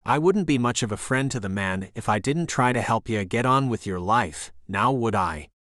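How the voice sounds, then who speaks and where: A man's voice: mid-range voice, expressive, normal speed, a bit bright, no echo, lightly acted. A male narrator puts on a lilting Irish resort owner, pressing a friend to come and stay. The Irish lilt carries every line of this audiobook figure. The sound is close and dry. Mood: insistent.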